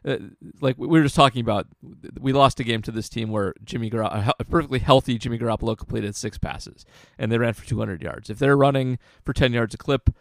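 A man with a gravelly, fry-tinged voice talks through football strategy on a podcast, stopping and restarting his sentences as he thinks. The sound is dry and close, with no room around it. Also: mid-range voice, dry recording. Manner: analytical, halting with restarts. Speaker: podcast co-host, football analyst. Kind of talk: casual sports podcast talk.

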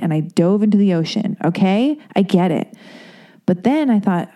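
A woman's voice: medium pitch, a little fast, mellow. A woman telling a candid personal story in a rambling, confessional way, full of "like" and "you know". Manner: rambling, confessional, heavy use of "like".

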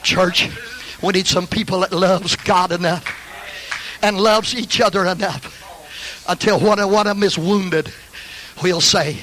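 An older man preaching a sermon as pastor, fervent, breaking into hallelujahs and shouted peaks. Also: sits high, steady tone, unhurried, low-quality recording.

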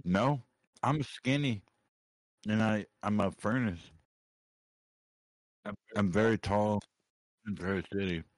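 A man's voice: on the low side, slow, long pauses, dry recording. A man co-hosting a podcast, crude, rambling and self-mocking, talking on a close mic. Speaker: co-host. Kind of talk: casual podcast banter.

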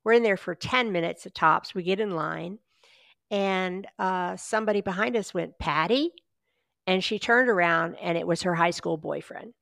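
A woman guest, a paranormal investigator, chatting in a relaxed interview and telling personal stories with easy laughs. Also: lowish voice, normal speed, gravelly, dry recording, clean studio sound. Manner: chatty, anecdotal storyteller who laughs along. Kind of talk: casual storytelling interview.

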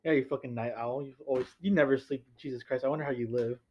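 A man's voice: medium pitch, fairly even intonation, fast talker, a little mellow. Teasing young man, crude chat. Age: young adult. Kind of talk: casual chat. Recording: dull lo-fi audio.

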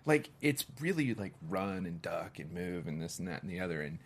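A man's voice: low voice, brisk, few pauses, slightly rough. A man chatting as a podcast guest, telling stories animatedly and laughing often. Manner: animated storyteller, acts out quotes, laughs often. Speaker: guest, director. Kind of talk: casual podcast chat.

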